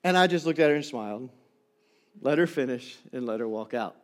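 A middle-aged man preaching a sermon as pastor in a church, telling stories and swinging from emphatic loud lines to soft, quiet ones. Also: mid-range voice, animated, brisk. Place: church sanctuary.

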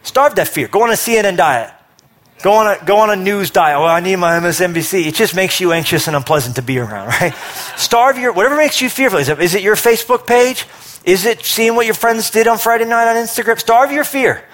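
Male pastor, middle-aged, sermon delivery, energetic and emphatic, voice a touch high. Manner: energetic, rising to forceful emphasis with quick asides.

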